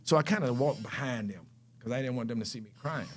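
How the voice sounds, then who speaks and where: A man from North Carolina, a podcast guest telling a life story in an animated way and acting out scenes. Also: medium pitch, fast. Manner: animated, acts out scenes and voices. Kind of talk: storytelling chat.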